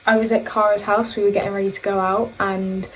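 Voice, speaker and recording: A young woman chatting through a long storytime for her vlog. She rambles, circles back and corrects herself mid-sentence in an easy, middle-pitched voice. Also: level tone, fairly quick, rough recording. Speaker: vlogger. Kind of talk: casual storytime chat.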